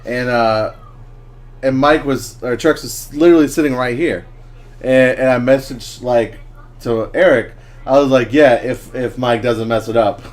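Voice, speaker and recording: A man co-hosting a podcast in a casual, joking chat, quick to laugh and ramble. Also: medium pitch, a little mellow. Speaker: podcast co-host.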